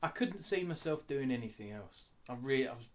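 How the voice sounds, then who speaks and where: A man talking candidly in an interview, blunt and animated, swearing freely. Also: medium pitch, fairly quick. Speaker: guest artist.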